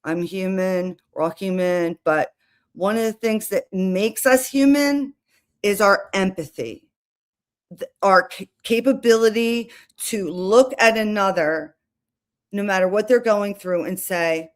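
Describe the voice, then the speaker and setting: A woman's voice: medium pitch, a little slow. A woman hosting a casual livestream, talking in a chatty, rambling way with restarts and asides. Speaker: livestream host.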